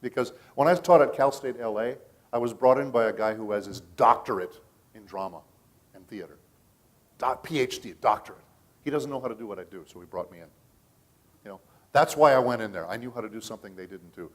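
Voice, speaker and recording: At a convention panel, a middle-aged voice actor tells stories in a chatty, casual way, frequently checking in with the audience. His voice is medium-pitched and a little fast.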